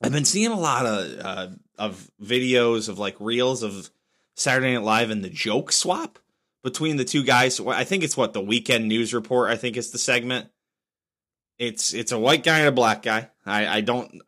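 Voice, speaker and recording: A man's voice: on the low side, sharp tone. Blunt, fired-up male podcast host. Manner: blunt, opinionated, gets fired up. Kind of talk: casual solo podcast rant.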